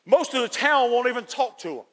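A man preaching a sermon as pastor, emphatic and repetitive, swinging between loud and hushed delivery. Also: extremely high pitch, lively intonation, brisk. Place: church. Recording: long church reverb.

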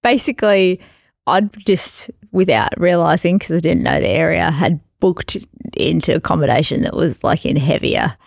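Creaky-voiced woman telling stories. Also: lowish voice, moderate pace, darkish tone, no room sound, studio quality. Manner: chatty, laughs through her own stories. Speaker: podcast host telling a travel story. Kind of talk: casual storytelling chat.

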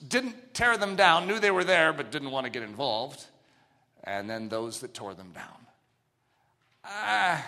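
Dramatic high-voiced preacher. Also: male voice, long reverb tail. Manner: dramatic, swings from near whispers to shouts. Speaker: pastor. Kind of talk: sermon.

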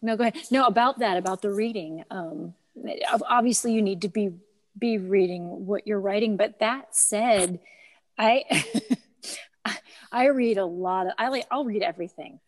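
A woman's voice: medium pitch, moderate pace. A woman author in a casual chat, speaking thoughtfully and hesitantly. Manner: thoughtful, hesitant, with fillers and restarts.

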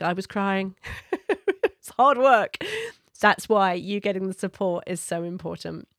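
A middle-aged woman coach giving parenting advice in an earnest, gentle, conversational way. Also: on the low side, dry recording, clean studio sound.

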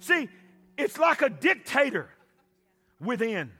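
High, bright-voiced preaching man. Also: very animated, slow, slightly rough. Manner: shouting, call-and-response preaching. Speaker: pastor. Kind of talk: sermon.

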